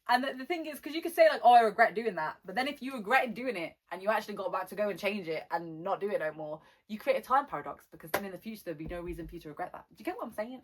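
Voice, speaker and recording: A young woman rapper with a mixed British accent, born in Wales and living in the West Midlands, answering fan questions in a casual, blunt, slangy way. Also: mid-range voice. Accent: mixed British, Welsh-born with West Midlands and London touches. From born in Wales, lives in the West Midlands. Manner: chatty, blunt, slangy, reads questions aloud slowly. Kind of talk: casual Q&A vlog.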